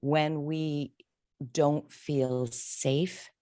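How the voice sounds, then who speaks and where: A woman's voice: fairly even intonation, extremely slow, warm tone, no room sound, clean studio sound. A woman in her fifties, a career coach telling her story candidly and emotionally in an interview. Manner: candid, emotional, wide swings in pitch.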